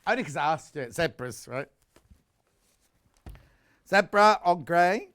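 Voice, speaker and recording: A man's voice: fairly high pitch, expressive, unhurried, a bit bright. A British man presenting live on a shopping channel, chatty and rambling as he sells sewing goods. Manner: chatty, rambling, reads out viewer messages.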